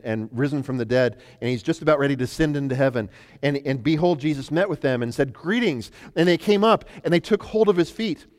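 A man preaching a sermon, animated, acting out scripture voices and dropping to near whispers. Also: fairly high pitch. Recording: long hall reverb.

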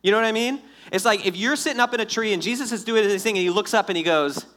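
A man preaching a sermon in a lively, conversational way, acting out the quotes. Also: high-pitched, fast talker, hardly any pauses. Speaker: pastor.

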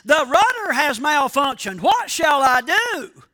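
A man doing a panicking shouting pilot. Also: very high-pitched, very animated, slow, no echo, studio quality, pitched above the performer's own voice, exaggerated voice. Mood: panicked. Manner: shouting in alarm. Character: panicking male airline pilot.

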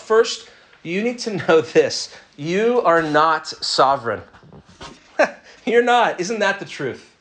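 A man's voice: on the high side, fairly bright tone. A man preaching a conversational sermon, joking and asking the audience to raise their hands. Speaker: pastor.

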